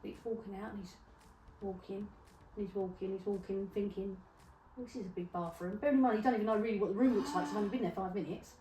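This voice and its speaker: A middle-aged woman co-hosting a podcast, telling funny stories in a casual chat, animated, laughing often and swearing freely. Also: medium pitch, fast talker. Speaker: podcast co-host. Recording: roomy, distant mic with faint noise.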